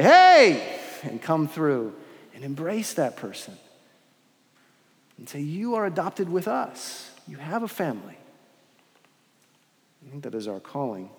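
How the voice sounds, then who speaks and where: A man preaching a sermon in a measured, earnest way, with pauses and restarts, in a large church. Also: on the high side. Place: large church with long reverb. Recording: long hall reverb.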